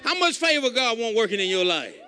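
A male pastor preaching in a very high, piercingly bright voice. His delivery is folksy and emphatic, with stories told plainly and lines that climb into shouts. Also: big pitch swings, quick pace. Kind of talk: sermon.

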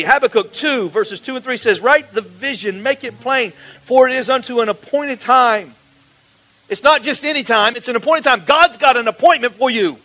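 Male pastor, bright sharp tone, call-and-response sermon. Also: extremely high pitch, moderate pace, faint music behind, poor audio. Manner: call-and-response preaching, rising to shouts.

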